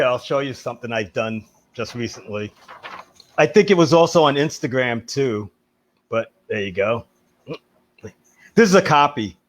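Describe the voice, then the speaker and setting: Easygoing man chatting on a call. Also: medium pitch. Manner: easygoing, quick to laugh. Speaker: comic artist. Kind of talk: casual video call chat. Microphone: video call.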